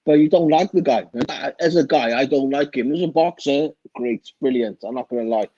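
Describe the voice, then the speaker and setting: A man's voice: medium pitch, a little fast, dark tone, dry recording. A British man in casual chat, talking emphatically and hammering his points home with repeated reassurances. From Britain. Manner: emphatic, repeats "trust me, mate". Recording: dull lo-fi recording.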